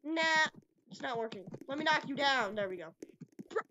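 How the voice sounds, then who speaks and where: A woman giving playful, excitable commentary while trolling players in a game, often giggling and trash-talking. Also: high-pitched, normal speed, highs cut off. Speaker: gaming video creator. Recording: noisy recording with clicks.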